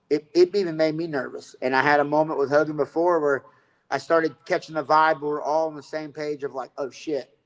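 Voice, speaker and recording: A man's voice: a little high, fairly bright tone, low-quality recording. A man telling a rambling, profane story about fighting and coaching in a casual interview.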